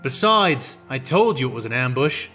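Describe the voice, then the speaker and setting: A man voicing a gruff, sarcastic male soldier captain who grumbles. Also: medium pitch, very animated, normal speed, bright, forceful tone, faint music behind.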